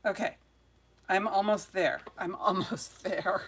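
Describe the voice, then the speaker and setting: A woman's voice: mid-range voice, fairly even intonation, slow pace, fairly bright tone, a little hiss or hum. A woman hosting a live jewelry sale stream, chatting casually and muttering to herself while fighting her devices, then greeting viewers one by one. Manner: flustered, chatty, muttering to herself over tech trouble.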